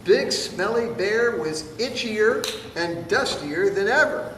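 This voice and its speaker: A man's voice: high voice, animated, slow, fairly bright tone. A man reading a picture book aloud to children in a playful way, pointing out the pictures. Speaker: storybook reader. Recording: distant, echoey hall with room noise.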